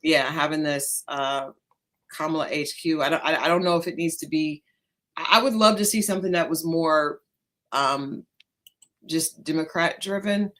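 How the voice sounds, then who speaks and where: A woman co-hosting a podcast, talking through politics in casual chat with many pauses and restarts. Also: sits low, steady tone, fairly bright tone. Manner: thoughtful, many fillers and restarts. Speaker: podcast co-host.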